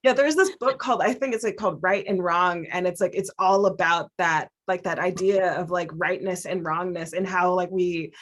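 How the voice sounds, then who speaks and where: A woman's voice: on the low side, moderate pace, few pauses, fairly bright tone. A woman hosting a podcast, chatting casually in a rambling, self-deprecating way, laughing often and using "like" a lot. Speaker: podcast host.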